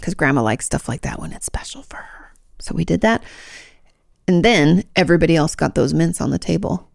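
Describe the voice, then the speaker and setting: A woman's voice: low voice, fairly quick, creaky, no echo, studio quality. A woman co-hosting a podcast, chatting casually and telling stories with frequent laughs. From Washington state. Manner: chatty, laughs often, animated storytelling. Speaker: podcast co-host. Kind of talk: casual chat.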